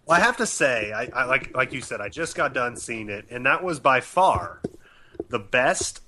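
A man giving a sarcastic, halting film review in a casual podcast chat. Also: medium pitch, very animated, bright, forceful tone, a little hiss or hum.

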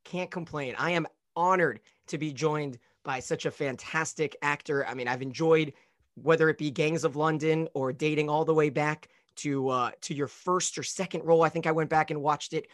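A man's voice: a little high, fairly even intonation, moderate pace, fairly bright tone, no room sound, studio quality. A man hosting an interview, enthusiastic and full of compliments for his guest. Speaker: podcast host. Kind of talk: casual interview.

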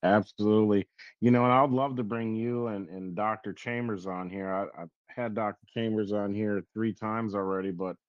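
A man's voice: on the low side, steady tone, moderate pace, dry recording. A man hosting a casual interview, effusive and generous with his thanks and praise. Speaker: show host. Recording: dull, dry lo-fi sound.

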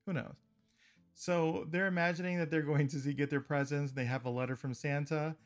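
A man with a slightly raised pitch recaps a cartoon episode in a loose, chatty way, breaking into small laughs between remarks. Soft guitar music plays faintly behind him. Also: steady tone, a little fast. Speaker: podcast host.

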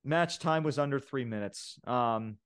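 A man co-hosting a wrestling podcast, recapping the show in casual chat, excitable and full of fillers and laughs. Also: medium pitch, a little slow, clean tone. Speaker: podcast co-host reviewing wrestling.

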